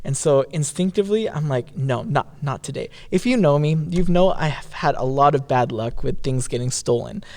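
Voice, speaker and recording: A young man co-hosting a podcast, telling a story in a relaxed way, saying "um" and "like" a lot. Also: a little high, brisk, hardly any pauses, in a large hall. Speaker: podcast co-host. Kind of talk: casual storytelling chat.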